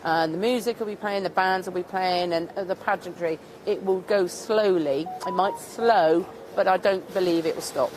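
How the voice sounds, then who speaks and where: A woman's voice: fairly low pitch, normal speed, hardly any pauses, music in the background. A woman from Devon, England, talking earnestly in a casual street interview, speaking into a handheld mic outdoors. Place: busy city street outdoors. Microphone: handheld microphone held out to her. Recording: noisy street behind.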